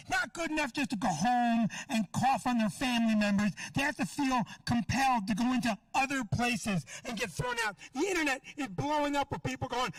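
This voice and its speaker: A man doing a stand-up comedy set outdoors, loud and ranting, shouting his punchlines. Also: very high voice, no echo, far from the mic, low-quality recording. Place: outdoor parking lot show.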